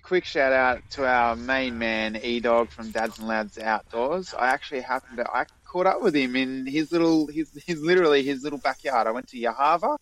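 A man's voice: mid-range voice, moderate pace, hardly any pauses, a bit bright. A man, co-hosting a casual podcast chat in an easygoing way and laughing along. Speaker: podcast co-host.

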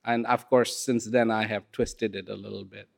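A man telling a story in a talk, unhurried and expressive, with dramatic pauses. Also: on the low side, gravelly. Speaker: speaker.

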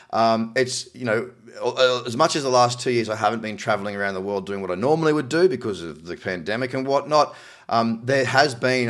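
A middle-aged Australian man casually reading out news articles and adding cynical, wry asides. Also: medium pitch. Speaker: crypto news commentator.

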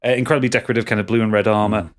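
A man narrating a tabletop game as game master in a casual, halting way. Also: on the low side, steady tone. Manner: casual, halting, lots of restarts.

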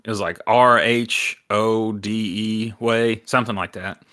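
A man's voice: fairly low pitch, steady tone, unhurried, bright, forceful tone. A man hosting a podcast, telling a story in a rambling, casual way with lots of filler words and some swearing. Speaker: podcast host.

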